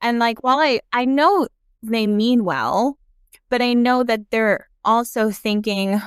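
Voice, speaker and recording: Slow-talking frank young woman guest. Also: on the high side, lively intonation, clear, resonant tone, no echo, clean studio sound. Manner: frank, laughs easily. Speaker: podcast guest. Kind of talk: casual conversation about grief.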